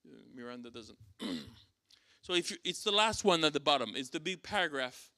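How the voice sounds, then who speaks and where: A man's voice: fairly high pitch, very animated, normal speed, bright, forceful tone, no echo, studio quality. A man with a French accent teaching an apologetics class at church, conversational, with fillers and restarts.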